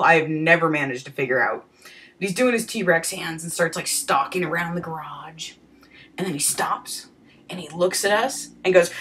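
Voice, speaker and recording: A woman vlogger telling a comic personal story in a wry, profane manner with deadpan asides. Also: on the low side, a little hiss or hum.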